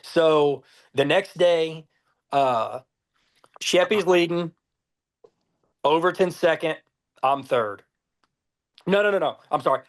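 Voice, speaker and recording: A young man from Georgia, telling profane, lively race stories as a podcast guest. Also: fairly high pitch. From Georgia, USA. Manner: profane, lively anecdotes with acted-out dialogue. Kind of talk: casual storytelling.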